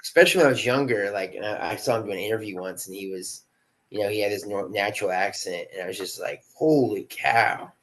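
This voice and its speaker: A man with a fairly low voice talks fast, with a slightly bright quality, on a low-quality recording. He's an actor appearing as a podcast guest, chatting casually in an interview with a laid-back, slangy style full of "dude" and "like."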